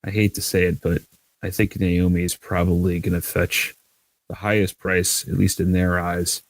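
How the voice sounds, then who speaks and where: A man's voice: sits low, little pitch movement, normal speed, no echo. A man playing in a tabletop role-playing game, laying out his plan with lots of hesitant restarts. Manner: hesitant, many restarts, acts out shouted lines. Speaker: player. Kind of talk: tabletop role-play, in and out of character.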